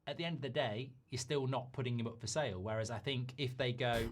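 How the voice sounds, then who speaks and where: A man giving measured football commentary, reasoning through options with the odd quick aside. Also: medium pitch, a little hiss or hum. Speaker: football pundit in a played clip.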